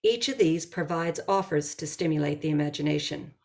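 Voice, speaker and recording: A woman's voice: sits low, brisk. A woman who teaches improv reads a passage aloud and explains it in an interview, acting out the lines she quotes. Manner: lively, acts out quoted lines.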